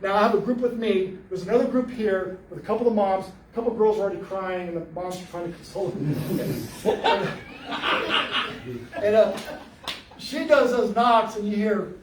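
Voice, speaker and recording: A man telling an animated, joking story to an audience, acting out what people said. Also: sits high, moderate pace. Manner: animated storyteller, jokey, acts out quotes. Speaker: Bigfoot researcher giving a library talk. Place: library meeting room. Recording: roomy hall, mic at a distance, faint noise.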